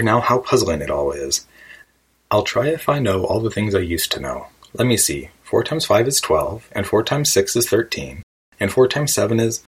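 A man's voice: on the low side, fairly bright tone, breathy edge, exaggerated voice, rough recording. A man voicing a curious, puzzled young girl who frets and wonders aloud in an audiobook reading. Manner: wondering, fretful musing aloud.

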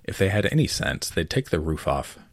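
A man's voice: a bass voice, big pitch swings, a little fast, vocal fry, no echo, studio quality, heavily acted. A man voicing a curious, talkative little girl who muses aloud to herself, in a storybook reading. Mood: wondering. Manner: musing to herself.

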